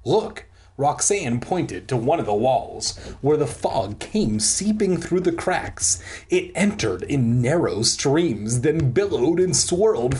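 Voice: medium pitch, darkish tone. A reader casually reading a spooky book aloud, adding jokey, irreverent asides.

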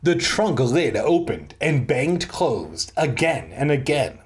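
A man giving a comic reading of a children's horror book, breaking off for deadpan crude asides between dramatic narration. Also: medium pitch, slow pace. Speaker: comic reader.

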